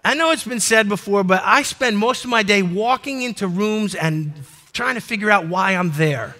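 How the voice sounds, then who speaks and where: A middle-aged male pastor preaching a fervent sermon to his congregation in a church, breaking into shouted exhortations. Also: high voice, moderate pace. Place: church sanctuary before a congregation.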